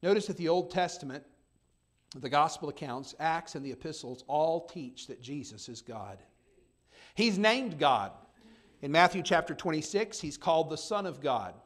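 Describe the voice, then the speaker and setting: With a slightly high, animated voice at a moderate pace, a male preacher moves between soft and loud delivery. He reads old-style scripture aloud and also speaks conversationally to those gathered before him.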